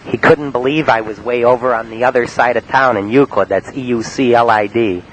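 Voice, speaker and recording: A man from Cleveland telling about his prank calls in a halting, rambling monologue full of uh and um. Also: mid-range voice, fairly even intonation, low-quality recording. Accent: Cleveland, Ohio. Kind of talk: rambling spoken-word monologue. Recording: faint hiss on an old cassette tape.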